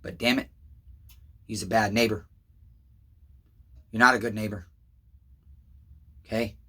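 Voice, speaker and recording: Middle aged guy venting on his vlog, bright tense voice, swearing, yelling then going low and worn out. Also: fairly even intonation, measured pace, breathy edge. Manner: swings between shouting outbursts and low weary confession; swears constantly, calls viewers neighbors. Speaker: chainsaw channel host. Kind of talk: emotional rambling vlog monologue.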